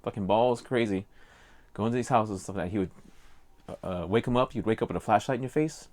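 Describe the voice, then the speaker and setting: A man's voice: fairly low pitch, fast, a little mellow. An older man with a Cajun accent, co-hosting a casual podcast and telling a rambling story full of fillers. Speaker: podcast co-host. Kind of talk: casual chat.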